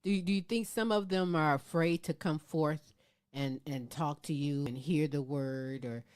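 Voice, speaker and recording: A woman's voice: low voice, a little slow, darkish tone. A woman hosting a casual interview, chatty and encouraging, laughing often. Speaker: talk show host.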